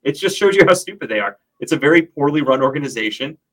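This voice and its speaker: Fast-talking opinionated man. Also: fairly high pitch, animated, a bit bright, poor audio. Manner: fast, opinionated, swears freely. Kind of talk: casual sports talk.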